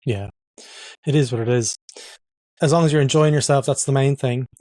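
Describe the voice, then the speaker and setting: A man hosting a podcast, chatty and quick to laugh. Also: medium pitch, mellow, no room sound. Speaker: podcast host. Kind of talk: podcast conversation.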